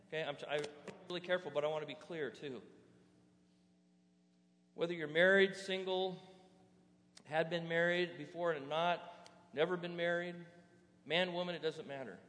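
A man preaching a sermon as pastor, animated, often asking the congregation rhetorical questions. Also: on the high side. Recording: reverberant hall.

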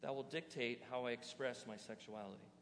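Animated male pastor preaching in a hall. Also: medium pitch, brisk, a little hiss or hum. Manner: animated preaching, rhetorical questions to the audience. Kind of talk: sermon. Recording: reverberant hall.

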